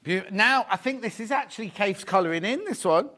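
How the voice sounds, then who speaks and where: A middle-aged man hosting a live fabric sales show, chatting excitedly and teasing the crew. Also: sits high, a little fast. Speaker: shopping show host.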